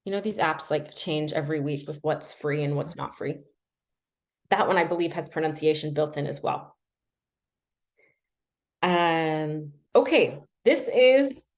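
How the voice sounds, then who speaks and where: A young adult woman with a lowish voice teaches language learning casually on a livestream, chatty and self-deprecating, filling her speech with lots of fillers.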